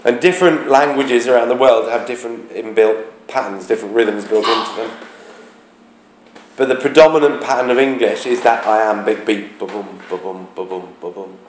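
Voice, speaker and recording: A man teaching a class, talking haltingly, searching aloud for words and chanting rhythms to show them. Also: medium pitch, a little hiss or hum. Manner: demonstrates rhythms by chanting beats. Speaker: English teacher. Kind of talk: classroom explanation of a play. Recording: roomy, echoey classroom.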